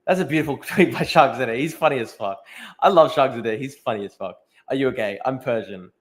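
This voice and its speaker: A young man chats loosely on a livestream. He swears freely and laughs his way through posts he scrolls past, in a voice of ordinary pitch. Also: fast. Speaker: livestream host. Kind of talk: casual livestream chat reading comments.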